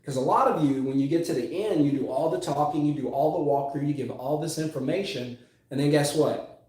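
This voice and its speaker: Guy coaching sales, mellow kinda high voice, stretches words to hammer a point, super echoey room. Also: fairly quick. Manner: emphatic, repeats key phrases, drawls words for stress. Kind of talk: motivational sales lesson.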